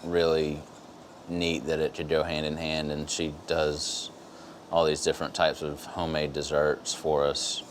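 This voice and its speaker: A chef with an extremely deep voice speaks in a flat monotone. Clear ambient noise sits behind. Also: male voice, unhurried. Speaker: restaurant owner and chef.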